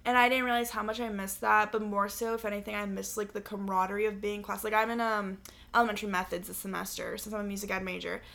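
A woman's voice: mid-range voice, fast talker, vocal fry. A young woman hosting a podcast, chatting casually in a playful, jokey way. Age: young adult. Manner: playful, animated, jokey asides. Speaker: podcast host. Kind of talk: casual chat.

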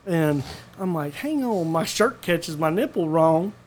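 A man's voice: a little high, expressive, unhurried, a little mellow, a little hiss or hum. A man co-hosting a casual chat, telling a story in a teasing, profane, laughing way. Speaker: podcast co-host.

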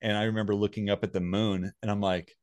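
Deep-voiced man telling a candid story. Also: little pitch movement, quick pace, clear, resonant tone, no room sound. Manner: candid, rambling, swears freely. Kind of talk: casual storytelling.

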